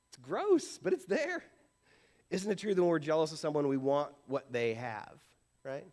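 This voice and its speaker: A man preaching in a church, talking to his congregation in a casual, conversational way. He pokes fun at himself and keeps asking rhetorical questions, in a voice of ordinary pitch for a man. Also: darkish tone. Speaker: pastor. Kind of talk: sermon. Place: church sanctuary.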